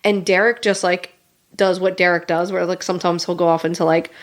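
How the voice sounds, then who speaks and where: A woman co-hosting a podcast in casual chat, animated, swearing freely and laughing often. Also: on the low side, a little fast. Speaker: podcast co-host.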